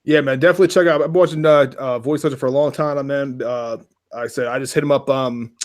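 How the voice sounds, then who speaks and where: A man's voice: medium pitch, fairly even intonation, quick pace. A man hosting a gaming podcast in a laid-back, casual way, swearing freely and laughing often. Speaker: podcast host. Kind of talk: casual chat.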